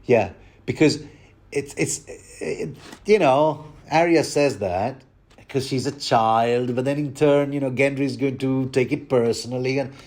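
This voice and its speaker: A man's voice: mid-range voice, unhurried, darkish tone. A man hosting a rambling book commentary, talking digressively and addressing his listeners directly.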